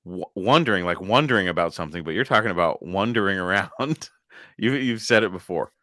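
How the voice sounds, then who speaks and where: Brief: male podcast co-host, deep but bright voice, lively swings in pitch, dry close sound, profane and giggly. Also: fairly quick, dry recording. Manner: profane, laughs a lot, animated. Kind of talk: casual chat.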